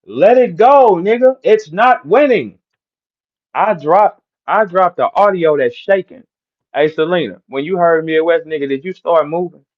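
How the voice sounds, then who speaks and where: A man's voice: fairly high pitch, a little slow, muffled recording. A man from St. Louis with a St. Louis accent, boasting and trash-talking in a brash, repetitive live-stream rant. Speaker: battle rapper hosting a live audio room.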